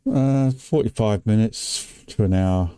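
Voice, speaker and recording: A man's voice: fairly low pitch, measured pace, mellow. An older man with an Australian accent, hosting a flight sim game channel and chatting casually while playing, teasing and laughing easily. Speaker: gaming channel host.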